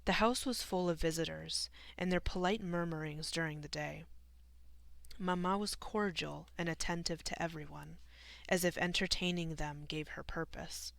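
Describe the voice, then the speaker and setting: A woman narrating an audiobook in a measured, sombre storytelling manner. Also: deep voice, dry recording. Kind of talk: scripted narration.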